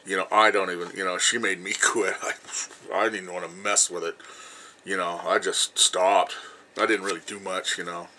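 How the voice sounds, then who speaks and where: A man in his fifties with a low voice and a bright, forceful edge tells a long personal story straight to his viewers. He rambles, jumps around, and leans on "you know" between thoughts. He swears without hesitation and speaks bluntly. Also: flat delivery, moderate pace, a little hiss or hum, rough recording. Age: 50s. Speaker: vlogger.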